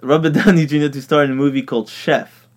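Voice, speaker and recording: A man's voice: on the high side, little pitch movement, fast talker. A man hosting a casual podcast, going through entertainment news and joking around, laughing at his own gags. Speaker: podcast host reading news. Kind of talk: casual chat.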